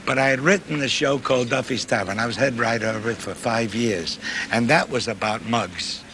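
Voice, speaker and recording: An older male writer with a New York accent, chatting wryly in an interview and pausing often. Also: medium pitch. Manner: chatty, wry, halting with fillers. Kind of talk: archive interview. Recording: noisy archive recording.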